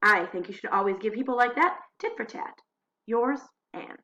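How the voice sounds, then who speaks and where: A woman reading diary entries aloud at home into a computer mic, expressive, slowing and hushing for dramatic moments. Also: on the high side, muffled recording. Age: adult. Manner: expressive, slows and hushes for drama. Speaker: diary reader.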